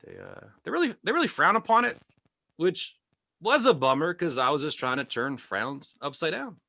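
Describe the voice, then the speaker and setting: A man performing stand-up over a video call, his bright, slightly high voice leaping up and down as he spins wry stories toward each punchline. The sound is close and dry, with no room around it. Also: sing-song, moderate pace, creaky, no room sound. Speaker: stand-up comedian. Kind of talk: stand-up set. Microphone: video call microphone.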